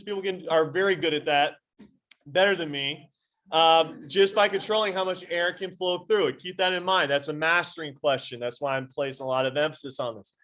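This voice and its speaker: A man's voice: a little high, a bit bright. Guy teaching anatomy in a classroom, quizzing the kids, kinda playful. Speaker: high school anatomy teacher. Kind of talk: classroom lecture.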